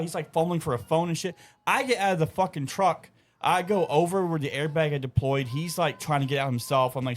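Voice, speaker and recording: A man's voice: a little high, fairly quick. A young adult man, telling stories in a loose, profane way on a casual podcast. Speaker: podcast co-host. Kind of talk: casual chat.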